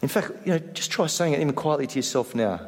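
A man preaches a sermon in a lively, swooping voice that sits a little high. He tells stories with energy, then drops soft to stress a point. A long reverb from the hall trails his words. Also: fast talker. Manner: animated storytelling, drops soft for emphasis. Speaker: pastor.

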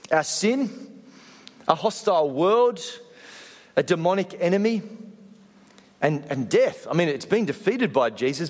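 A man preaches a sermon in a lively, swooping voice that sits a little high. He tells stories with energy, then drops soft to stress a point. A long reverb from the hall trails his words. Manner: animated storytelling, drops soft for emphasis. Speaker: pastor.

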